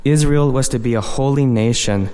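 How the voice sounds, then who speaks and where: A man's voice: medium pitch, normal speed, mellow, long reverb tail. A man preaching a sermon, explaining scripture verse by verse in an earnest manner with frequent "you know".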